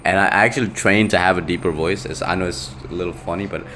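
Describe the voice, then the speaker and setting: Young male solo podcaster, very low voice, rambling and self-correcting, light hiss behind. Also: fairly even intonation, quick pace, a bit bright. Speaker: podcast host. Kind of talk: casual solo podcast monologue.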